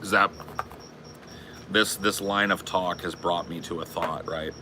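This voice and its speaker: A man's voice: deep voice, fairly even intonation, a little slow, noisy background. A man in his forties chatting casually on a live stream, rambling and swearing in a bro-ish way. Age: 40s. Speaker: streamer and podcast host.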